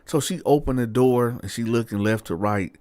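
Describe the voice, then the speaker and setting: A man's voice: mid-range voice, moderate pace, darkish tone, dry recording. A man telling a story casually, profane and talking straight to his listeners. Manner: profane, addresses listeners directly. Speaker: storyteller host.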